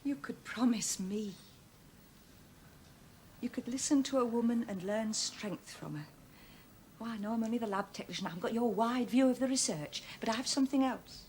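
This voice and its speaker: A devoted, intense lab technician, played by a woman, who speaks earnestly and urgently. Her voice sits fairly high. A faint hiss lies under the recording. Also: a little fast, a little mellow, lightly acted. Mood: earnest hushed. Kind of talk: 1980s television drama.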